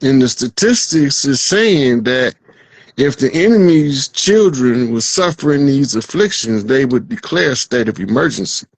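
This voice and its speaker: A man's voice: medium pitch, expressive, a little slow, slightly rough, dry recording, low-quality recording. Declamatory man, dry close sound. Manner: declamatory, proclaiming. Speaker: guest. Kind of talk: conversational interview.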